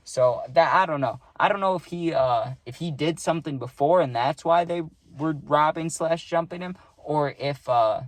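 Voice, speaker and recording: A man's voice: on the high side, normal speed, hardly any pauses, no room sound. A young man telling a casual storytime, rambling with lots of "like" and "right?", and swearing freely.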